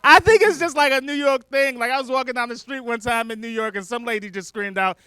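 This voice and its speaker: A man doing a stand-up comedy set on a club stage, animated and quick to break into loud character voices. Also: very high voice, smooth, no room sound.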